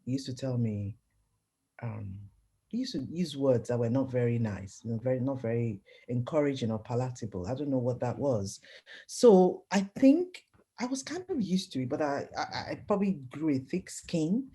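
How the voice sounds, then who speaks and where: A middle-aged woman, appearing as an interview guest, tells her personal story vividly in a bass voice at normal speed. She acts out the voices of the people she quotes and laughs often as she shares her testimony.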